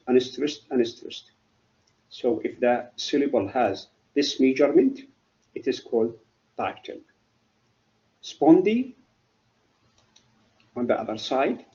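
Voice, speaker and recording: A middle-aged man giving a university literature lecture, halting and often asking then answering his own questions. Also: mid-range voice, dark tone, highs cut off. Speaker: literature professor.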